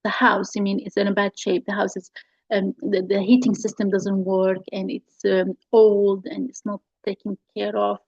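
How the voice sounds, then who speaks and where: A woman's voice: medium pitch, little pitch movement, normal speed, creaky, darkish tone, no echo. A woman reading the lines of a managing, bossy older sister from a play, in a dull, dry recording. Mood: insistent. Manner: insistent, persuasive. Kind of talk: reading a play scene aloud.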